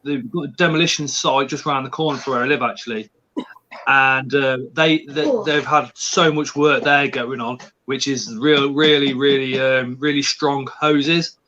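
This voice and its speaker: A man's voice: mid-range voice, fairly even intonation, normal speed, bright, forceful tone, muffled recording. A man hosting a live stream, chatting casually and rambling with lots of fillers. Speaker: livestream host.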